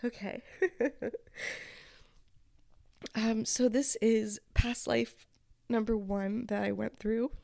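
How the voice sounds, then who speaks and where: A woman hosting a podcast, telling a personal story in a slow, reflective and emotional way, at times close to tears. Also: fairly high pitch, steady tone, gravelly, mellow, no echo. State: tearful. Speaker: podcast host.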